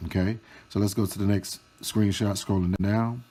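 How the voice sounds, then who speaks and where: A man telling a storytime vlog, reading out chat screenshots in a slow, mocking, profane way. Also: lowish voice, fairly even intonation, dark tone. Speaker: storytime vlogger.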